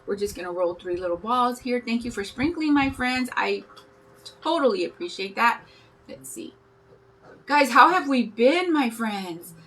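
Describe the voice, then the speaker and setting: A woman's voice: fairly high pitch, lively intonation, measured pace, a bit bright, poor audio. A woman in her fifties hosting a live craft tutorial, chatting in a bubbly, rambling way and greeting viewers by name as she works. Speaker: craft livestream host.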